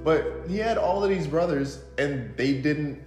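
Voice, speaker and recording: A man co-hosting a casual chat, playful and lively, doing goofy voices for comic effect. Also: on the high side, a little slow, roomy sound, faint music behind, rough recording. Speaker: podcast co-host.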